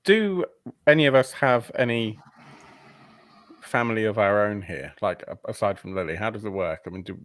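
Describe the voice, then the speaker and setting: A man's voice: lowish voice, moderate pace, no echo. A man playing a tabletop game, speaking in character with dry, teasing banter. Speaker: player. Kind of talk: tabletop role-play.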